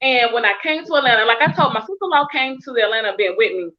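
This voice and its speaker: A woman in casual, heartfelt conversation, telling stories in an effusive, animated way. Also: a little high, racing. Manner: effusive, animated storytelling with laughter. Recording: muffled lo-fi audio.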